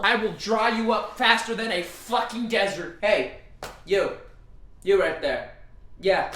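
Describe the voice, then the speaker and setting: A woman's voice: medium pitch, unhurried, pauses often, fairly bright tone. A woman reacting to a story with casual, joking commentary, full of swearing and goofy asides. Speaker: streamer reacting to her writing.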